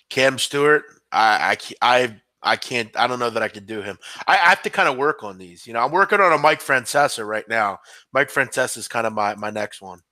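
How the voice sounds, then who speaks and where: Laid-back man with a bright, dry voice. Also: medium pitch, a little fast, no room sound. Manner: laid-back, chuckling, self-deprecating. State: voice starting to go hoarse. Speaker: fill-in host. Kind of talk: casual late-night sports chat.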